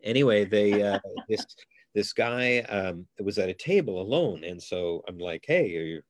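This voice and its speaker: A man's voice: fairly low pitch, measured pace, no room sound. A middle-aged man, a comedian from Canada, chatting in an interview and telling rambling stories with many restarts. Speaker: comedian guest. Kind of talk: casual interview chat.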